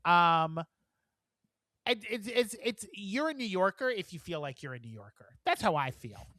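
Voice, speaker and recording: Guy cohosting a chatty podcast, bright high voice, swears a lot, acts out what people said. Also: moderate pace, no echo, studio quality. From moved to New York from elsewhere. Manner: animated, profane storytelling with acted quotes. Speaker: podcast co-host. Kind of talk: casual chat.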